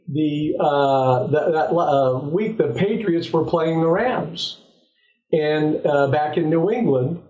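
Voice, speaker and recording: An older man from Southern California, a former pro football player, telling lively anecdotes as an interview guest, often restarting his sentences. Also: fairly high pitch. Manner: animated anecdotes with frequent restarts. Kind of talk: relaxed storytelling in an interview. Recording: echoey, slightly dull sound.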